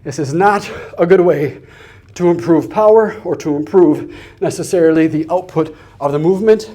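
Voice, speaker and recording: Brief: male fitness coach, slightly high voice, clear step-by-step instruction. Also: normal speed, dark tone. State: out of breath during demonstrations. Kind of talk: instructional demonstration.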